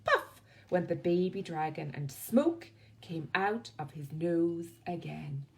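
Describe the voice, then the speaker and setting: A woman with an Irish accent reading a picture book aloud to children as a library storyteller, expressive and soft on the tag lines. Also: lowish voice, slow, vocal fry.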